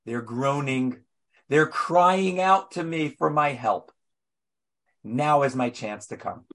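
A man, a rabbi, delivering a sermon, telling the story with animated rhetorical questions and swinging between loud outbursts and hushed asides. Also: medium pitch, takes it slowly.

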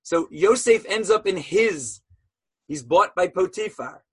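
A man's voice: high-pitched, lively intonation, a little slow, breathy edge. A man teaching a Torah lesson as a sermon, telling stories animatedly and asking rhetorical questions.

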